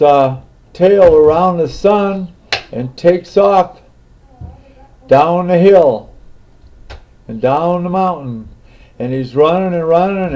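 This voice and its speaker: Man, folk storyteller, fairly high voice, mellow, unhurried with fillers. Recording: dull lo-fi recording.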